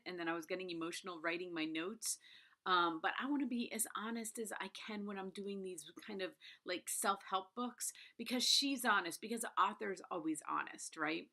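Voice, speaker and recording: A woman's voice: mid-range voice, pushed and bright. A woman in her fifties talking candidly and casually to her viewers about a book, with lots of "like" and "right?". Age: 50s. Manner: candid and chatty, many "like"s and "right?". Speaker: book review vlogger. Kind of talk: casual chat.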